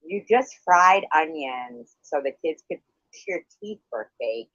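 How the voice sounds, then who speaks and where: A man's voice: fairly high pitch, very animated, a little slow, sharp tone, no room sound. A man in a heated livestream argument, hostile, profane and accusing. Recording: dull lo-fi stream audio.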